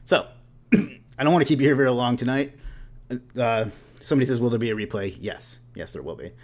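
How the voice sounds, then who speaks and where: A man's voice: medium pitch, a little fast, a little mellow. A man in his late thirties hosting a casual webinar, talking loosely with joking, self-deprecating asides. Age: late 30s. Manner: loose and conversational, with restarts. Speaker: webinar host.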